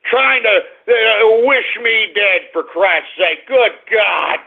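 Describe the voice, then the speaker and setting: Male talk radio host, high gravelly voice, angry cursing rant, phone-thin sound. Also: slow. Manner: angry, cursing, swings between grumbling and shouting. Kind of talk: ranting internet radio talk. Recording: tinny phone-like radio stream.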